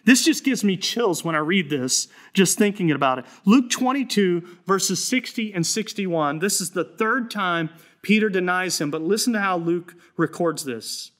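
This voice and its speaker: Earnest high-voiced male pastor preaching. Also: animated, moderate pace, hardly any pauses, a bit bright. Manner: storytelling, earnest and conversational. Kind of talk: sermon.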